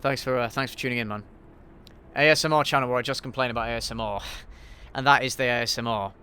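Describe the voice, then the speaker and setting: Sweary, blunt man with a bright voice. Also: mid-range voice, steady tone, fast, smooth. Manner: blunt, sweary, hesitant with frequent ums and restarts. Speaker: YouTube channel host answering viewer questions. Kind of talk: casual livestream Q&A while gaming.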